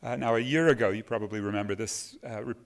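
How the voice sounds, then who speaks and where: At a conference hall podium microphone, a man on a panel speaks emphatically, quoting sources at length. He talks fast in a fairly low voice.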